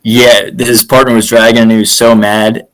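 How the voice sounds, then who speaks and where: A man's voice: medium pitch, normal speed, low-quality recording. A young man, a former college wrestler, casually telling stories as a guest and acting out the quotes. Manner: animated, acts out quotes in stories. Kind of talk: casual storytelling.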